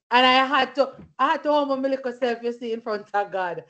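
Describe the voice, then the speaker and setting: A woman's voice: on the high side, a little fast, hardly any pauses, fairly bright tone. A woman leading a Bible study as a fervent sermon, breaking into hallelujahs and praise between her points. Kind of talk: sermon with personal testimony. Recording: lo-fi recording.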